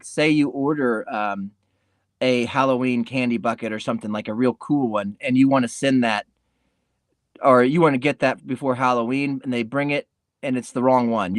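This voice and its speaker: A man's voice: mid-range voice, dry recording, studio quality. Rambling laid-back comedy podcast man. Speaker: podcast host. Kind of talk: casual comedic monologue.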